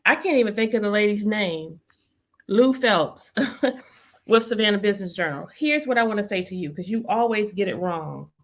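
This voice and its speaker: Brief: woman, council member hosting her show, mid pitch, emphatic, repeats lines. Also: moderate pace. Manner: emphatic and animated, repeats phrases for effect. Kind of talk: casual political commentary.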